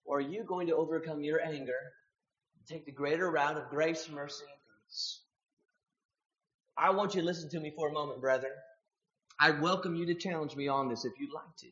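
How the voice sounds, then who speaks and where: Emphatic high-voiced male preacher. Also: brisk, roomy sound, muffled recording. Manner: swings from hushed to loud, emphatic. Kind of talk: sermon.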